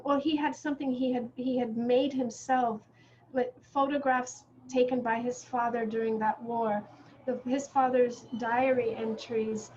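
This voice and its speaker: A woman author, reflective and halting, telling a story in conversation with many fillers and restarts. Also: high voice, darkish tone. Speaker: author guest in a bookstore conversation. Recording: muffled lo-fi recording with faint noise.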